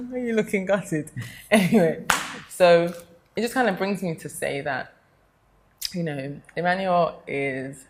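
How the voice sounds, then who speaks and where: Chatty low-voiced woman. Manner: chatty, rambling, affectionate, many fillers. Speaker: vlogger. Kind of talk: casual to-camera chat.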